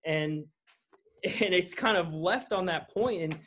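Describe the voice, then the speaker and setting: Man, slightly high voice, animated Bible-story teller in a casual panel. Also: slow. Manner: animated storyteller, paraphrasing scripture conversationally. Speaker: church leader in a podcast discussion.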